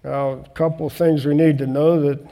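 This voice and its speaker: Mellow-voiced preacher in a reverberant hall. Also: male voice, on the high side, little pitch movement, fairly quick, gravelly. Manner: conversational, with restarts and quoted scripture. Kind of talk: sermon, Bible teaching.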